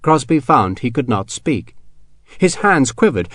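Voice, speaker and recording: Steady and measured, a medium-pitched man narrates an audiobook from a script. The sound is clean studio audio without any room sound.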